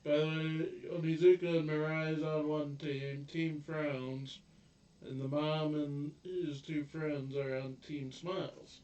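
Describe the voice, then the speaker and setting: A man co-hosting an anime recap, slowly adding short plot details. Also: fairly high pitch, little pitch movement, darkish tone. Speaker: co-host. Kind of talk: casual recap chat. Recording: roomy, distant, dull mic with faint noise.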